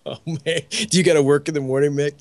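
A man's voice: on the high side, fairly even intonation, fast talker, vocal fry. An American man co-hosting a podcast, chatting casually and teasing the others with frequent laughter. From United States. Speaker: podcast co-host. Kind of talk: casual joking chat.

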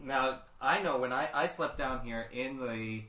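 A man co-hosting a live paranormal radio show from a dining room, teasing the host and talking in halting bits with fillers. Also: mid-range voice, bright, forceful tone. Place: dining room of a bed and breakfast. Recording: roomy, lo-fi live broadcast.

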